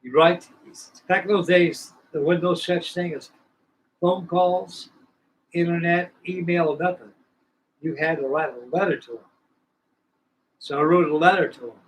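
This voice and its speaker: A man's voice: fairly high pitch, steady tone, unhurried, pauses often, slight background noise, low-quality recording. An older man in his sixties telling a long, rambling, folksy story while building a model kit, often repeating himself. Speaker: scale model builder hosting a live stream. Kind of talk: casual storytelling chat.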